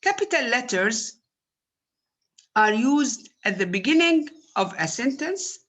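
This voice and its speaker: Slow, patient woman lecturer. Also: a little high, big pitch swings, a bit bright. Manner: slow, patient explaining with many fillers. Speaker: university lecturer. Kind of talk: recorded online lecture.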